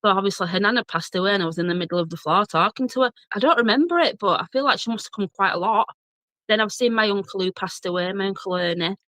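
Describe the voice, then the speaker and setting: Fast-talking Yorkshire woman telling stories. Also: mid-range voice, a bit bright, no echo. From Bradford, Yorkshire, England. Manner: chatty, laughs often, broad local dialect. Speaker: guest, blogger and journalist. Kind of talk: casual storytelling chat.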